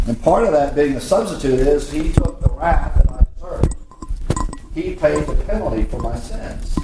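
A man's voice: fairly high pitch, noisy background. A man preaching a sermon, explaining scripture and asking his listeners questions before he answers them himself. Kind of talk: sermon teaching with illustrations.

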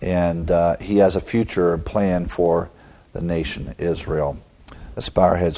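Male preacher, deeper register, teaching a sermon in a relaxed, questioning style. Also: unhurried. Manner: conversational, rhetorical questions, chuckles often. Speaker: pastor.

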